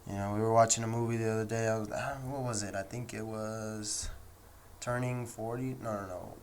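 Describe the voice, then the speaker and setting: A man's voice: fairly low pitch, fairly even intonation, brisk, slight background noise. A young man with an American accent hosting a casual solo podcast, telling stories in a loose, rambling way. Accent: American English. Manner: loose and rambling, acts out quoted people in raised voices. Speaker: podcast host.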